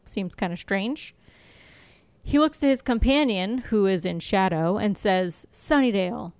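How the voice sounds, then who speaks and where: A woman's voice: medium pitch, animated, a little slow, a little mellow, clean tone, dry recording. Chatty young woman recapping a show. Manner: chatty, plays out scenes in voices. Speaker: podcast co-host. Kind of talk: casual chat recapping a TV episode.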